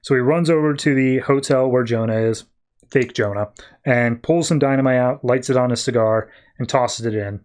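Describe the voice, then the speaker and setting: A man on a podcast casually recapping a comic book plot, rambling with lots of fillers and quick offhand quotes. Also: medium pitch, darkish tone.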